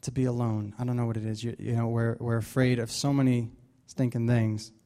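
A man's voice: medium pitch, little pitch movement, fairly quick, warm tone. A man leading a Bible study, preaching casually with many fillers and restarts. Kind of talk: casual sermon.

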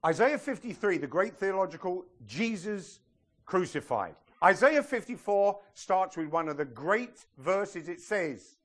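A male pastor delivers a lively sermon in a church, mixing jokes with emphatic points. His voice sits a little high and swings widely in pitch. The delivery is humorous and forceful by turns. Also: unhurried. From outside the US.

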